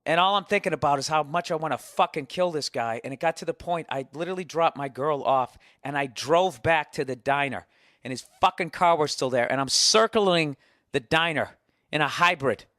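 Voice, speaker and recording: Man, 40s, podcast storyteller: fast profane rants, slightly high voice, dry close mic. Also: dry recording. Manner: profane, animated rant with acted-out quotes. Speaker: podcast host. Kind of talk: casual comedic storytelling.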